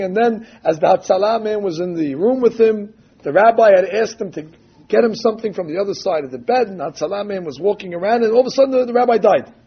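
A man preaches a sermon, weaving in stories and stressing quoted passages with slow emphasis. His voice sits high and husky. The recording is dull and lo-fi. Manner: emphatic, drawn-out quoting of texts. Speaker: rabbi or religious teacher. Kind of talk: sermon with storytelling.

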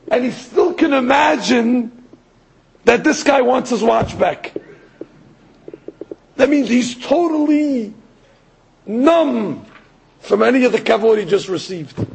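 A man giving a sermon as a rabbi, telling a story in an animated way and rising to emphatic peaks. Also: very high voice, takes it slowly, vocal fry, pauses often, breathy edge, rough recording. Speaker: rabbi or Torah teacher.

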